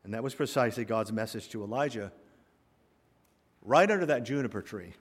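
A male pastor preaching a sermon, swinging from quiet asides to loud, rising exhortation. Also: mid-range voice, animated, brisk, breathy edge. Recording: long hall reverb.

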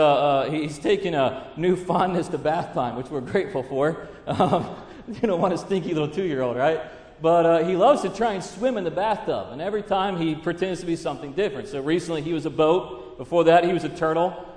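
Here a man in his thirties delivers a sermon with a fairly high pitch and a darkish tone, earnestly mixing in asides about his family. He is a pastor, and the audio carries echoey hall reverb.

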